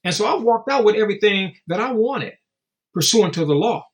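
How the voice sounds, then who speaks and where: A man with a high voice that swings widely up and down, talking as a guest in a relaxed interview. He is blunt and emphatic and swears freely. He tells stories and acts out what others said. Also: brisk. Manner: storytelling with acted-out quotes. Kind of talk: casual podcast interview.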